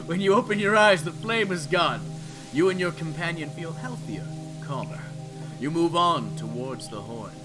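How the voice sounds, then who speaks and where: A man playing a horror game who reads its text aloud and comments between passages, swearing freely and breaking into loud, annoyed rants. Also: fairly high pitch, animated, normal speed, over music. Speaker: gameplay streamer.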